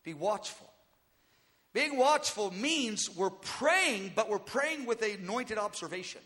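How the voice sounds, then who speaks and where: A man's voice: high voice, animated, a little slow, a bit bright. A man preaching a teaching sermon, earnest and exhorting, repeating his points. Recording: long hall reverb.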